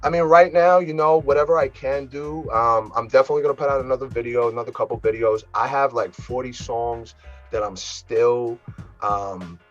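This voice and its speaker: A man from New York with a New York accent, a rapper chatting casually as an interview guest, animated and full of fillers. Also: mid-range voice, normal speed, highs cut off, faint music behind. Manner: animated, laughs easily, many fillers.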